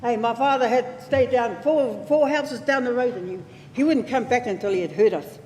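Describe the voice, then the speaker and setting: In a conference hall with long reverb and faint ambience, a New Zealand woman teaches traditional singing through talk and sung demonstrations. Her voice is a little high and darkish, her pace moderate, and she plays with the audience, calling out to them.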